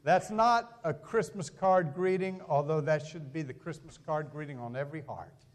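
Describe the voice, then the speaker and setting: A man's voice: fairly high pitch, moderate pace. A man preaching a sermon, telling stories with animation and acting out the voices of the people in them. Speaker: pastor.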